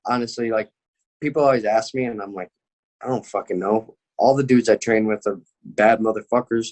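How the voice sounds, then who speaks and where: Young dude telling a story, lowish voice, swears nonstop, does the other guys' lines. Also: male voice, fairly even intonation, a little fast, darkish tone. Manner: swears constantly, acts out quoted people. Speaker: MMA fighter guest. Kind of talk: casual storytelling.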